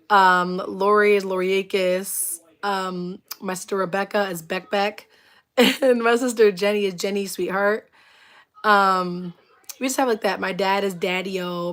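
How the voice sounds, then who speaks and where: A woman in her thirties hosting a casual livestream, chatty and animated, reading viewer comments aloud and laughing often. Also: medium pitch, clean tone. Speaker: livestream host.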